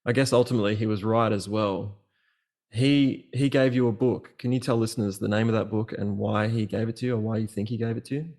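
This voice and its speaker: A man's voice: on the low side, steady tone, brisk, a little mellow. A man hosting a podcast, asking reflective, hesitant questions with many fillers. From Australia. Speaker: podcast host. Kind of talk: interview questions.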